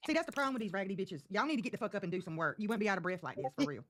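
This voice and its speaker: A woman's voice: medium pitch, a little hiss or hum. A woman in casual stream chat, teasing and mocking the others with a sassy tone.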